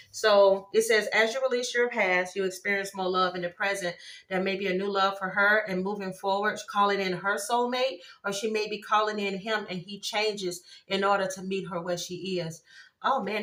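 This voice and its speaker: A woman, giving a casual tarot reading to viewers, exclaiming at the cards as she turns them. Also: medium pitch. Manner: excitable, exclaims at cards, laughs often. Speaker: tarot reader.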